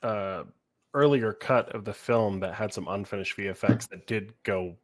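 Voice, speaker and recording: Very low-voiced dude cohosting a podcast, chill and thoughtful, dry close sound. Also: male voice, normal speed, no room sound. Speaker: podcast co-host. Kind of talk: casual interview chat.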